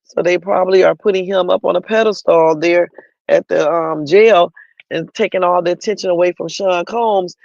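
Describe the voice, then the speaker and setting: A man's voice: high voice, fairly even intonation, moderate pace, vocal fry, darkish tone, no room sound, highs cut off. A man hosting a livestream, giving chatty, opinionated commentary on the news and talking straight to his viewers. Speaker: livestream host.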